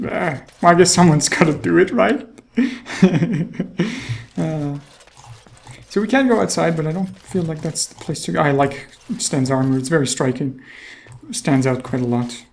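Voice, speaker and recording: A woman's voice: deep voice, unhurried, gravelly, long pauses, a little mellow. Chatty woman commenting on gameplay. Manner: chatty, laughing, thinking aloud. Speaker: let's play host.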